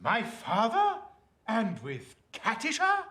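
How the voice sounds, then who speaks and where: A polite young Victorian actor, earnest and eager. His voice is high and bright with lively swings. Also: slow pace, exaggerated voice. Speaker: actor rehearsing a young lead. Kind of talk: period film acting.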